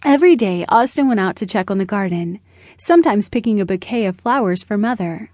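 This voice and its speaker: A woman narrating a children's storybook in a gentle, measured way, close to the mic. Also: medium pitch, expressive, no echo. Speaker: audiobook narrator.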